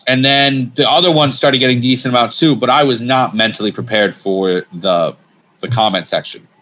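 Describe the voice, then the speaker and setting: A man who is a comedian guest, chatting casually on a podcast and telling stories in an animated way. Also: medium pitch, moderate pace. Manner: animated storyteller, laughs as he talks.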